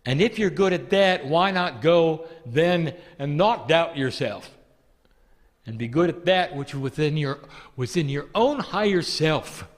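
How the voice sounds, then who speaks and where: A man giving a channeled spiritual talk to an audience, speaking gently and addressing listeners as "dear one". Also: a little high, a little slow. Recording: long hall reverb.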